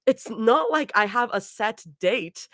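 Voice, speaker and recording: A woman's voice: on the high side, animated, slow, pushed and bright, dry recording, clean studio sound, voice pushed up, exaggerated voice. A woman reading a fan story aloud, voicing a nervous, flustered young woman.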